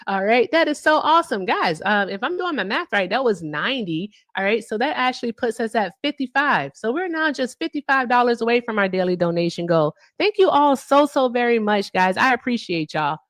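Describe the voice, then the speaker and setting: A woman's voice: fairly high pitch, lively intonation, a little fast, hardly any pauses, a bit bright, no echo. A woman hosting a casual livestream, chatty and brash, cursing freely and humming filler between remarks. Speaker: livestream host.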